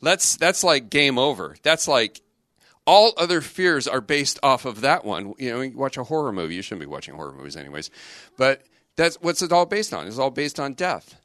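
Middle-aged man, youth talk, very animated pitch, bright tone, joking, rhetorical questions. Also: normal speed, no echo, clean studio sound. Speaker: religious brother giving a youth talk.

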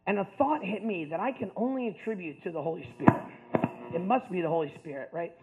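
A man's voice: sits high, fast. A man from the Ohio Valley telling a story to an audience, casual and rambling, self-mocking, with lots of filler words. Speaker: speaker. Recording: tinny phone-like sound.

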